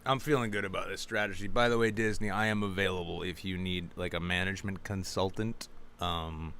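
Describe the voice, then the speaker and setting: A man co-hosting a comedy podcast, chatting crudely and jumping into high mocking voices for the people in his stories. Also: fairly even intonation, fairly quick, fairly bright tone, slight background noise. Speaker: podcast co-host. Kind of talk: casual comedic chat.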